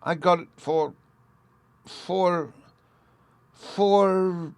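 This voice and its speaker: A man's voice: medium pitch, lively intonation, measured pace, no room sound, pitched above the performer's own voice. A man reading an audiobook, voicing a flustered, timid noblewoman who stammers and pleads. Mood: meek.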